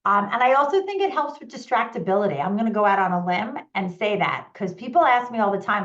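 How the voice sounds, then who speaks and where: A woman hosting a live online conversation as a parenting coach, upbeat and eager, rattling off points in quick runs. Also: mid-range voice, sing-song, a bit bright, lo-fi sound.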